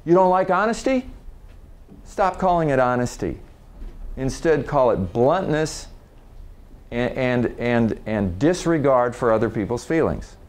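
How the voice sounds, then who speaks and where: A middle-pitched man talks through working with difficult people in an easy, informal way. He trips over his words and repeats himself as he thinks aloud. He keeps slipping into quick acted-out exchanges between two people to make his point. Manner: animated, acts out little quoted exchanges; repeats and restarts words often. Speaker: communication trainer.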